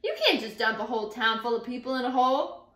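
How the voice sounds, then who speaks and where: A woman's voice: fairly high pitch, animated, fast talker, fairly bright tone. A woman voicing a proper, tidy female saloon keeper who scolds primly, in a storybook reading. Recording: echoey room.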